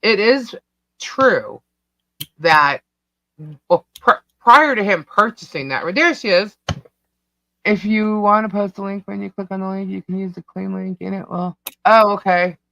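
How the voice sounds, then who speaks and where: Bright-toned New York man chatting live. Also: high-pitched, measured pace, vocal fry, no echo. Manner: scattered, talks while reading chat comments. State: hiccups. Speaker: livestream co-host. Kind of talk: casual live-stream chat.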